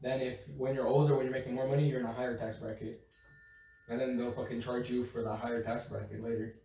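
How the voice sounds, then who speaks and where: A man's voice: mid-range voice, little pitch movement, fast, vocal fry, warm tone, a little hiss or hum. A young man, a podcast guest, chatting casually, explaining things plainly and cracking jokes with some swearing. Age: young adult. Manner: explains things matter-of-factly, jokes and laughs a lot, swears. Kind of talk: casual chat. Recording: echoey room, mic at a distance.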